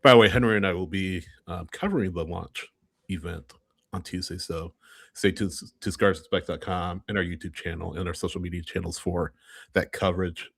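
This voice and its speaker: A man's voice: deep voice, steady tone, a little fast, vocal fry, a bit bright, slightly rough, dry recording, clean studio sound. A man co-hosting a casual sports podcast, chatty and laughing often, correcting himself as he goes. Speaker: podcast co-host. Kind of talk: casual chat.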